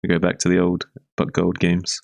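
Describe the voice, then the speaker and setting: Deep, gravelly-voiced man chatting. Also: completely flat delivery, normal speed, darkish tone, dry recording, studio quality. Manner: laid-back, swears casually. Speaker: game caster. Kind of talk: casual chat during a stream.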